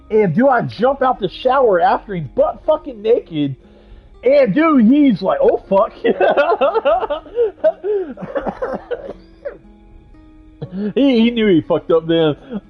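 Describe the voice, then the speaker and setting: A man's voice: high-pitched, muffled recording. A man who games on stream, telling an army story in a profane, rambling way, full of fillers and restarts. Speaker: gaming streamer and army veteran. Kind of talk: casual anecdote told while gaming.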